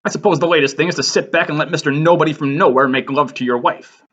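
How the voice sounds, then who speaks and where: A man's voice: a little high, fast talker, fairly bright tone, muffled recording, pitched above the performer's own voice. A man voicing an arrogant upper-class man with a sneering, indignant manner.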